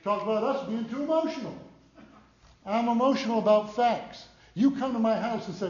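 A man preaching a sermon with emotion, swinging from hushed asides to loud shouts. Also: very high voice, moderate pace. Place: church. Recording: echoey church room, dull lo-fi sound.

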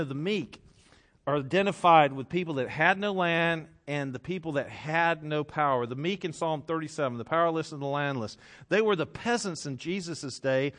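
A man delivering a sermon in a somewhat high voice. He tells his story dramatically, acting out the crowd's reactions, and swings between loud bursts and quiet, hushed passages. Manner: animated, acts out crowd reactions. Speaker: preacher.

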